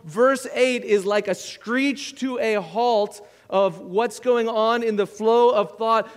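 High-voiced pastor preaching in a reverberant hall. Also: male voice, a bit bright, clean tone. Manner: earnest, rising to impassioned appeals then dropping to near whispers. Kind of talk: sermon.

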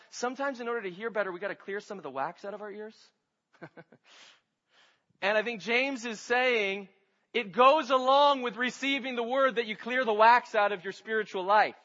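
A man's voice: sits high, sharp tone, long reverb tail, highs cut off. A man pastor preaching a sermon, teaching his congregation with rhetorical questions.

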